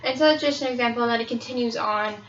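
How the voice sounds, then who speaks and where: A woman's voice: a little high, fast, a bit bright, recorded from a distance, slight background noise. A young woman casually presenting children's books, with frequent ums. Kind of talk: book review presentation. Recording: roomy, slightly dull recording.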